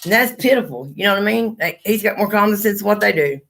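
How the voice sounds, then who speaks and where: A woman's voice: medium pitch, animated, quick pace, vocal fry, fairly bright tone, slight background noise. A middle-aged woman, chatting on a livestream and telling blunt, profane stories. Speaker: livestream host. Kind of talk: casual chat.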